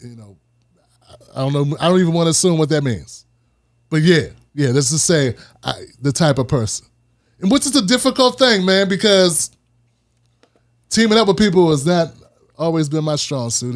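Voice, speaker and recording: A man hosting his own show, talking casually and heatedly about politics, repeating lines for emphasis. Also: fairly high pitch. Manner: animated, preachy, repeats phrases for emphasis. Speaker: host.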